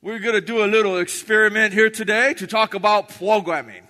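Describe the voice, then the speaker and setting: A man's voice: sits high, fairly quick, sharp tone. A man doing stand-up on stage in a large hall, talking in clipped broken English and chanting lists of names. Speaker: stand-up comedian.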